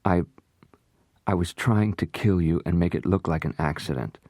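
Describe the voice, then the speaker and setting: A man's voice: normal speed, darkish tone, no room sound, clean studio sound. A man reading aloud voices a trapped man who begs and panics in a raised, strained voice. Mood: desperate. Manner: panicked, begging, higher pitched. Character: terrified trapped man, arrogant turned pleading.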